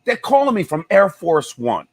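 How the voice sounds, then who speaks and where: A man telling a wild story as an interview guest, animated and emphatic, swearing freely. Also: high-pitched, normal speed, vocal fry, slightly rough, no room sound. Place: club stage.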